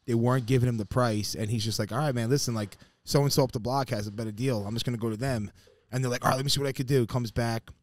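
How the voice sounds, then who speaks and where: A man co-hosting a podcast, telling stories in a casual, profane, animated way and acting out the people in them. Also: medium pitch, fast. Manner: animated, profane, acts out quoted voices. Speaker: podcast co-host. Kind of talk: casual chat, storytelling.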